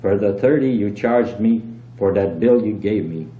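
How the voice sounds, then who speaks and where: A man reading aloud and voicing an indignant traveling businessman who yells his complaints. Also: lowish voice, moderate pace, close to an everyday voice. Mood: curt. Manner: outraged, shouting complaints. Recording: dull, roomy old home tape with hum.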